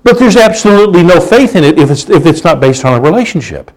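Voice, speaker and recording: A man's voice: on the high side, sing-song, fast, rough recording. Conversational man preaching a sermon. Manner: conversational, repeats words while searching, asks rhetorical questions.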